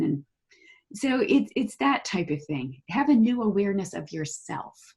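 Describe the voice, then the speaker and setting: A woman guest in an interview, explaining her views in a lively way and acting out the voices people use in their heads. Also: medium pitch, measured pace. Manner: animated, acts out inner voices while explaining. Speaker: guest, holistic practitioner.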